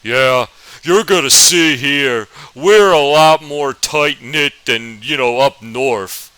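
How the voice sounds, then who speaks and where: A man's voice: mid-range voice, pushed and bright, smooth, dry recording, low-quality recording. A man putting on a drawling Southern teacher. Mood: condescending. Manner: slow, drawling, condescending. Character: big bloated male Southern history teacher.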